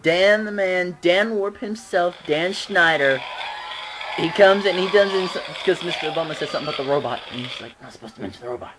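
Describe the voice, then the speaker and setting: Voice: mid-range voice, normal speed, background noise. A fan recapping a TV episode in a casual vlog, rambling and giggling, with frequent restarts. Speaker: show reviewer.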